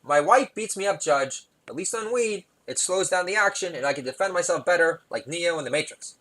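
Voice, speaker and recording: A man's voice: sits high, lively intonation, a little fast, a bit bright, voice pushed up, rough recording. A man voicing an out-of-work male music executive, a stoner defending himself in court in a pleading, defensive way.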